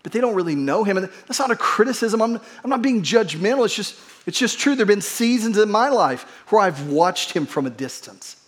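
A middle-aged male pastor with a fairly high voice gives a relaxed, conversational sermon. He tells a funny personal story and pokes fun at himself in an earnest way. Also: fairly quick, hardly any pauses.

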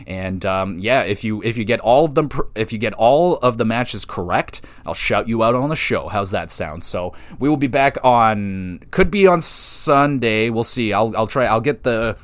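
A fairly low-voiced man talks straight into a close mic in a dry, dead room. He runs his solo podcast in a loose, profane style, getting excited and thinking out loud as he makes his picks. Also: normal speed, few pauses, no room sound. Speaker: podcast host. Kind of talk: solo wrestling podcast predictions.

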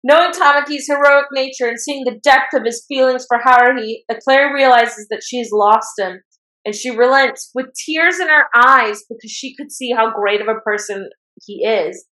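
A woman hosting a casual chat, recapping an anime episode as an excitable fan who gets worked up and laughs as she retells it. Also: a little high, normal speed, roomy sound, poor audio. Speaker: podcast host recapping an anime.

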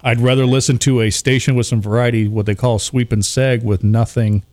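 A man's voice: mid-range voice, steady tone, a little fast, darkish tone, no room sound. A man, a radio DJ chatting casually as a podcast guest, rambling and poking fun at himself. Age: 40s. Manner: rambling, self-mocking, chuckles often.

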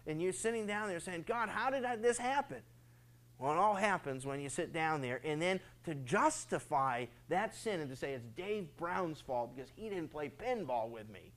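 A man's voice: high voice, expressive, brisk, a bit bright. A man preaching a sermon as pastor, earnest, often repeating words for stress and acting out quoted prayers and excuses.

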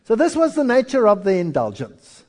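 At an ordinary pace and a high-sitting pitch, a male preacher recounts history in his sermon, animated and storytelling, giving each figure its own voice.

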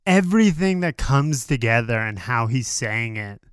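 A man's voice: medium pitch, lively intonation, moderate pace, clear, resonant tone, dry recording, studio quality. A man co-hosting a podcast, chatting casually and enthusiastically about music, joking about himself. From Colorado. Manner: enthusiastic, joking, self-deprecating. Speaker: podcast co-host.

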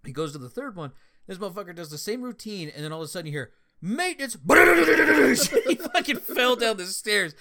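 A young man in casual chat, telling a story with lots of swearing and lively energy. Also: high-pitched, a little fast, gravelly. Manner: profane, animated storytelling.

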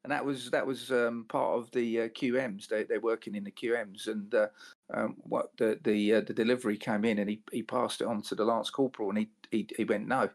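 A man, a former police officer, chatting casually and haltingly with many restarts. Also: fairly low pitch, level tone, creaky. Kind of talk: casual chat.

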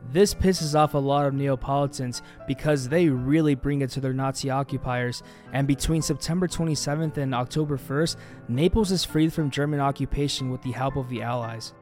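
A man co-hosting a book podcast, reading a prepared historical background segment in a measured, explanatory way. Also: medium pitch, a little mellow, faint music behind. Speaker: podcast co-host.

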